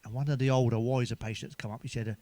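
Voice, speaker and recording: Male comic, mid pitch, crude sweary monologue, chuckles at punchlines, dry recording. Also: fairly even intonation, racing, dark tone, dry recording. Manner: sweary, chuckles at his own jokes. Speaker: stand-up comedian. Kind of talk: crude joke-telling monologue.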